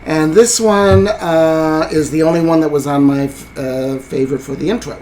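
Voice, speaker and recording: A man's voice: fairly high pitch, steady tone, normal speed, darkish tone, a little hiss or hum, rough recording. A man co-hosting a podcast, telling a film's ending in a rambling way with lots of fillers. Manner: rambling, hesitant storytelling with many fillers. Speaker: podcast co-host. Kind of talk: casual film discussion.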